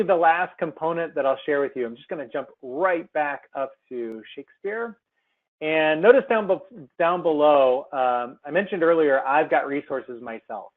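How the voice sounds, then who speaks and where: A man presenting a software seminar by screen share, talking through it casually with many ums and restarts. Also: on the high side. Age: adult. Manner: chatty, many fillers and restarts. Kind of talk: screen-share webinar demo. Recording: tinny phone-like webinar audio.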